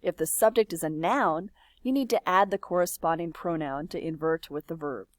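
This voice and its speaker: A woman teaching a recorded slideshow lesson, lively and sing-song when she models phrases, with quiet near-whispered asides. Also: on the low side, normal speed, no room sound. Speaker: French teacher.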